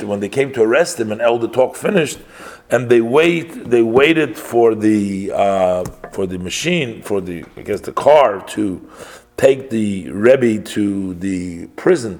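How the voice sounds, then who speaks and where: A man telling a story in a religious lesson, halting, with frequent pauses and self-corrections. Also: fairly low pitch, a little mellow. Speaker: religious teacher.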